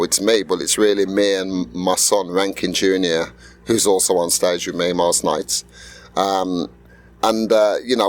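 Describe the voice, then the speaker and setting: A middle-aged man, a musician being interviewed, talking in a relaxed, rambling way with many fillers. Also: sits low. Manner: laid-back, rambling storyteller with fillers. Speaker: musician guest. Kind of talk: casual interview.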